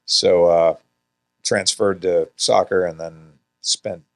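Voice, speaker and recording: A man's voice: low-pitched, steady tone, slow. A man, an actor guest on a podcast, telling casual anecdotes and laughing often. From Georgia, USA. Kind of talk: casual interview storytelling. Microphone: podcast studio microphone.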